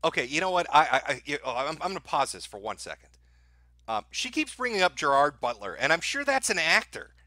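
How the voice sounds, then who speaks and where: A man's voice: a little high, very animated, brisk, bright, forceful tone, dry recording. A man hosting a live stream, reacting with profane, laughing, mocking commentary. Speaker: stream host.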